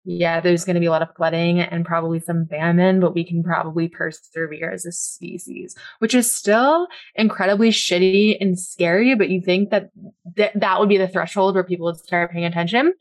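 A woman's voice: on the low side, fairly even intonation, moderate pace. A woman co-hosting a podcast, talking casually with an exasperated, opinionated edge. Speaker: podcast co-host.

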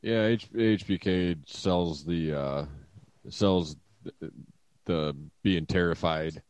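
A man's voice: low voice, slow, darkish tone, smooth, no room sound. A man casually chatting as a podcast co-host, laid-back and a bit hesitant. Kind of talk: casual chat.

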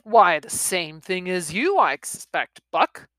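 A woman voicing a loud, rawboned male outlaw gunman in a read-aloud western, with no put-on accent. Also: fairly low pitch, very animated, slow pace, no room sound, full character voice. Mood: hearty. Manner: hearty frontier drawl in the wording, no put-on accent.

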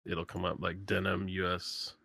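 Guy with a bright lowish voice chatting, dry close mic, laughs a lot. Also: level tone, moderate pace, creaky, husky, no room sound. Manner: chatty, opinionated, laughs often. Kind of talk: casual chat.

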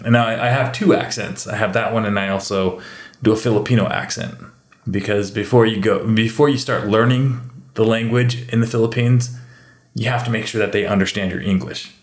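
Man, casual chat, animated storyteller, gravelly voice, echoey room. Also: lowish voice, normal speed. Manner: animated storyteller, slips into mimicked accents.

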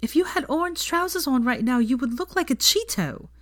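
A woman reading a fan story aloud, voicing a quick-witted young woman who sounds tearful yet teasing. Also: high voice, lively intonation, fairly bright tone, pitched above the performer's own voice.

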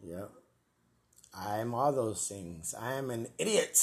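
Speaking slowly with lively intonation and a medium-pitched voice, a man hosts a live comedic podcast, rambling, joking and swearing at himself. He's on an earpiece and mic for the live stream.

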